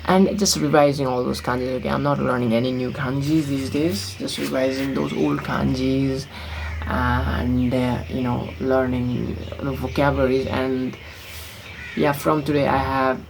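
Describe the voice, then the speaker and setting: A young Nepali man chats to the camera in English, his American-tinged accent picked up from films, rambling bluntly through a casual vlog packed with fillers. His mid-range voice stays fairly flat and unhurried, with vocal fry. The low-quality recording carries slight background noise.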